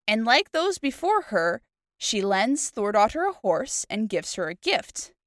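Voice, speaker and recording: A woman co-hosting a podcast who retells a fairy tale in a playful, animated way. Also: on the high side, a little slow, dry recording, clean studio sound. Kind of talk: casual chat and story narration.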